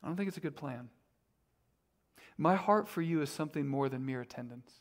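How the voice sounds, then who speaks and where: A man's voice: fairly high pitch, animated, brisk. A middle-aged man preaching a sermon as a pastor, conversational and self-deprecating, with frequent fillers.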